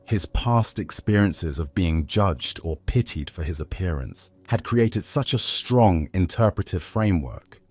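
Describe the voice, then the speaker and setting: A man calmly narrating a scripted bedtime story. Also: low-pitched, measured pace, hardly any pauses, husky.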